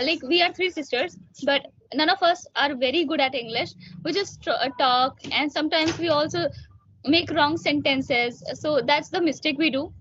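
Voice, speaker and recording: Young woman with a high voice, dull call audio. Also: a bit bright, no room sound. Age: young adult. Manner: speaks carefully with frequent filler pauses. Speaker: student learner. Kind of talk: casual practice conversation. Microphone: online voice call.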